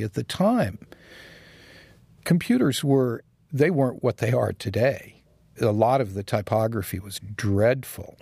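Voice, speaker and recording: A man's voice: mid-range voice, gravelly, a little mellow, husky, no room sound. A man being interviewed as a designer, talking casually and reflectively and chuckling as he tells anecdotes. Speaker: guest designer.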